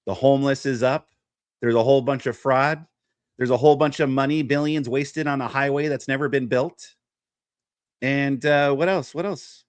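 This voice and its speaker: A man's voice: medium pitch, steady tone, moderate pace, no echo. A man hosting a live political stream, ranting in a sarcastic, mocking way. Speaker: host. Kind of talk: casual political talk.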